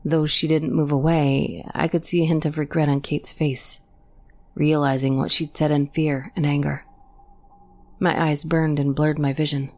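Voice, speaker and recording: A woman reading a first-person horror story in a steady, measured way. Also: low voice. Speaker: story narrator.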